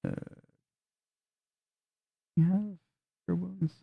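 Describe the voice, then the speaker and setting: A man's voice: high-pitched, fairly even intonation, drawn-out words, gravelly, breathy edge, no room sound, narrow, tinny audio. A man narrating a tabletop game as game master, casual and joking with frequent fillers.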